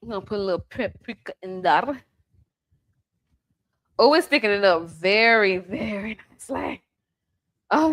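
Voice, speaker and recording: A woman with a bright, lively voice talks through a recipe at her stove. She chats casually and jokes with the person behind the camera. It sounds like a relaxed home kitchen video. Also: mid-range voice. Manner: chatty, playful, teasing the person filming. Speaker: home cook host. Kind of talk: casual cooking demonstration.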